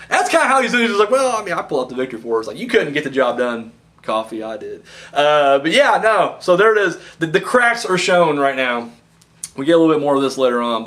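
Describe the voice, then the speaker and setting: A man giving a rambling, casual wrestling review, swearing often and acting out what the wrestlers said. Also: sits high. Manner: rambling, animated, profane, acts out wrestlers' lines. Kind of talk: casual commentary.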